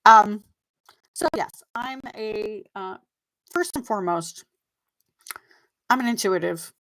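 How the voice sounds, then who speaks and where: A woman's voice: mid-range voice, slow, a bit bright, poor audio. Chatty middle-aged woman on a live stream. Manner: chatty and rambling, often laughing at herself; chewing gum while talking. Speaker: mindset coach hosting a live stream. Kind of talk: casual live-stream chat. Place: at a table with her computer, indoors. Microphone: plug-in desk mic.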